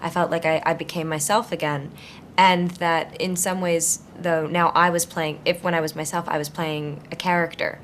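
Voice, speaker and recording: In a conversational interview, an actress in her twenties speaks with a lowish, fairly monotone voice at an ordinary pace over slight background noise. She considers each question carefully, searching for words with many fillers and restarts.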